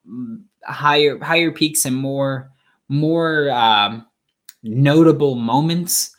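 A man's voice: mid-range voice, takes it slowly. A young man hosting a sports podcast, talking casually and rambling with many fillers and restarts. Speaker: podcast host.

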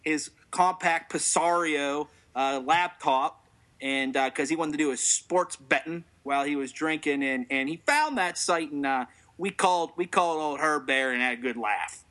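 A man telling laid-back stories with a deadpan delivery. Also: on the high side, normal speed. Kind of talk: casual comedic banter.

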